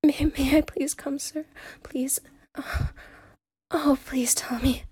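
A woman voicing an eager, devoted young secretary in a whispered role-play, with a breathy, pleading, intimate delivery. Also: high voice, fairly even intonation, takes it slowly, warm tone, no echo. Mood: breathless pleading.

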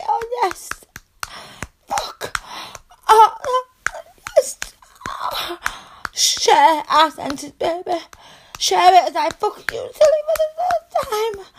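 A woman's voice: very high voice, noisy background. A woman performing an adult audio role-play in a dominant, teasing, commanding manner, with moans and gasps between phrases. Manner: moaning and gasping between phrases.

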